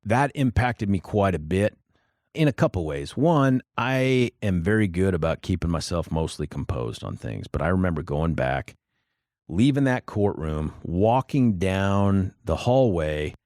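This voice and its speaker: Middle-aged guy on a podcast, kinda low voice, tells stories really expressively, dry close mic. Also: measured pace, no echo. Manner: animated, expressive storyteller. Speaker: interview guest, district attorney. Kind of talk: casual interview storytelling.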